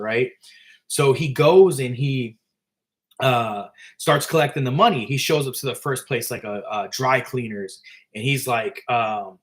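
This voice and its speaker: A man's voice: mid-range voice, normal speed. Rambling casual male storyteller. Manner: rambling, filler-heavy. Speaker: author and storyteller.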